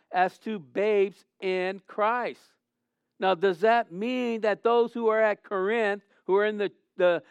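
A middle-aged man delivers a laid-back sermon as pastor, moving between scripture and a personal story. His voice sits high and rings smooth, recorded close and dry with almost no room sound. He circles back on phrases and asks the congregation rhetorical questions. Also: dry recording, dull audio. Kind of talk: conversational sermon.

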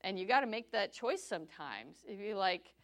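A woman's voice: mid-range voice, very animated, moderate pace. A woman teaching a church class on sharing faith, telling stories in a chatty way, laughing often and acting out conversations in quoted voices. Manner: chatty storytelling with frequent laughs; acts out dialogue in quoted voices.

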